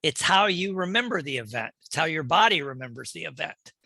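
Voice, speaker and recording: A man's voice: a little high, expressive, a little fast, gravelly, bright, forceful tone, no echo. A man leading an online group class over a video call, casual, jokey and blunt. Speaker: instructor.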